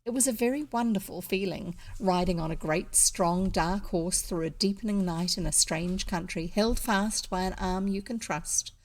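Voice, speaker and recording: A woman with a New Zealand accent reading a classic children's novel aloud in a relaxed way, with small asides and restarts. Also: lowish voice, moderate pace, few pauses. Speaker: audiobook reader.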